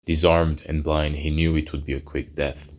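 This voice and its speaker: A man narrating a dark fantasy story in a slow, somber, measured way. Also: a bass voice, little pitch movement, slight background noise.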